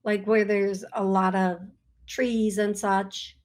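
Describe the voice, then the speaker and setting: A woman's voice: mid-range voice, little pitch movement, slow, darkish tone. A woman hosting a call-in psychic radio show, talking in a searching, earnest, often apologetic way. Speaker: psychic medium radio host.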